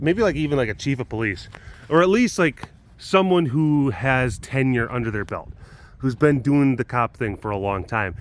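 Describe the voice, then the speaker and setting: Rambling man talking casually. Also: mid-range voice. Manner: rambling, laughs often, coos baby talk at a cat. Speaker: host. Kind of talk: casual chat.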